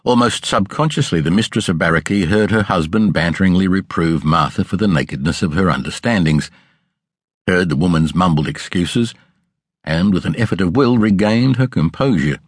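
A man narrating an audiobook in a measured, expressive storytelling manner with a husky voice. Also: low-pitched, no room sound. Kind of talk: scripted narration. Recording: dry close studio sound.

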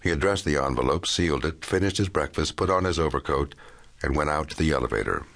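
A man narrating a crime audiobook in a measured, even storytelling manner. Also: extremely low pitch. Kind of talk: scripted narration.

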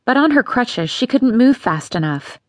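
A woman narrating an audiobook in a measured, tense storytelling manner. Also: a little high, very animated, darkish tone, no room sound. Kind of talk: scripted narration.

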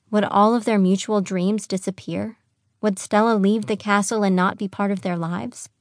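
A woman reads a teen fantasy novel aloud in measured, even narration. Her voice sits at a middling pitch, recorded close on a studio mic with a dry, dead sound. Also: dry recording. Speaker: audiobook narrator. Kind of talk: scripted audiobook narration.

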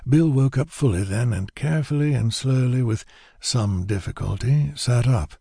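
Mellow, husky male audiobook narrator. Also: medium pitch, normal speed, no echo, studio quality.

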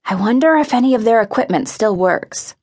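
A woman's voice: on the high side, expressive, fairly quick, darkish tone, breathy edge, pitched above the performer's own voice. A woman voicing a curious, absent-minded teenage boy in an audiobook, speaking in a musing way. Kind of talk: audiobook character voice.

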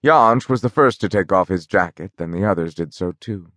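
A man narrating a novel in a measured, even storytelling manner on a close studio mic. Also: low voice, no room sound. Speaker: audiobook narrator.

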